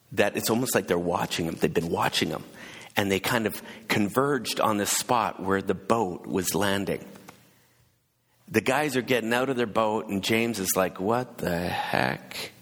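A man's voice: fairly low pitch, normal speed, fairly bright tone. A man preaching, casually retelling a story with hesitations and asides. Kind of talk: conversational sermon storytelling. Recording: long hall reverb.

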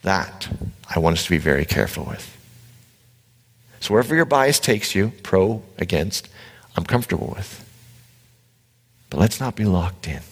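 A man preaching a conversational sermon, animated, blunt and joking with his congregation. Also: deep voice, moderate pace, pauses often, slightly rough. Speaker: pastor. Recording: echoey hall reverb.

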